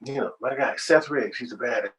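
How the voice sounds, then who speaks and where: A man doing an impression of a famous male soul singer, relaxed and friendly, talking in a laid-back drawl full of "man". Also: mid-range voice, brisk, lightly acted, low-quality recording. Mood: easygoing.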